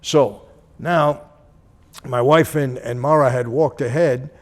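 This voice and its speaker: Animated man telling a story. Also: medium pitch, slow. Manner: animated, acts out dialogue. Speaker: channel host. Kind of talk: casual storytelling.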